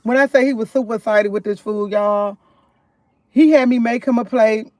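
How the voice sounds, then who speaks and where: A woman's voice: on the high side, normal speed, no echo. Woman, casual livestreamer, rambling and chatty, laughs a lot, recorded dry in a parked car. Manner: rambling, chatty, keeps addressing viewers as y'all; laughs often, animated when retelling. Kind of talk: casual live-stream storytelling.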